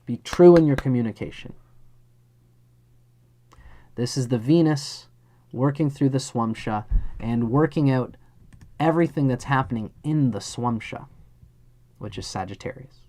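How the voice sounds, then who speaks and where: A man's voice: medium pitch, a little slow, long pauses, mellow. A man giving a live astrology chart reading, speaking earnestly and directly to the person he reads for. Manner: earnest, speaks straight to the listener, acts out little scenes.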